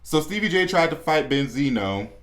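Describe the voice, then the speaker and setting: A man's voice: on the high side, big pitch swings, normal speed, a bit bright. A man co-hosting a podcast, dishing celebrity gossip in a blunt, sassy and crude way. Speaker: podcast co-host. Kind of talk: casual gossip chat.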